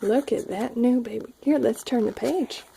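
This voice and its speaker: A mother at home reading a picture book aloud to her toddler, gently coaxing and prompting the child along. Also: on the high side, moderate pace, vocal fry, slight background noise, low-quality recording.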